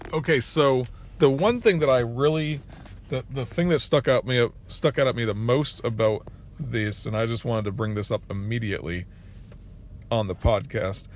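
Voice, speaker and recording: A man's voice: fairly low pitch, slight background noise. A man hosting a solo podcast, giving earnest political commentary, often restarting his phrases and reading quotes aloud. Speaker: podcast host.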